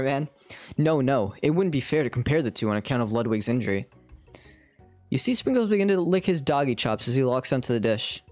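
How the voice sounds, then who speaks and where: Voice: medium pitch, animated, fairly quick, a little mellow, dry recording, soft background music. A streamer casually reading a dating sim aloud on a live stream, swearing and laughing at their own slips.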